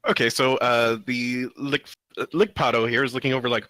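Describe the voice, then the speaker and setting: A man's voice: mid-range voice, level tone, fairly quick, sharp tone, dry recording. Giggly man reading a comic aloud. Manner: giggly, reads out panel dialogue in silly voices. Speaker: podcast co-host. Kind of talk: comedic reading of a webcomic.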